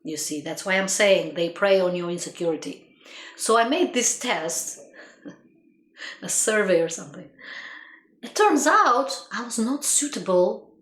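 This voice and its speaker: Her voice sits at a medium pitch with a touch of brightness as she reflects earnestly, motivational-speaker style. She circles back to repeat key lines and chuckles at her own anecdotes, all in a roomy, echoing space.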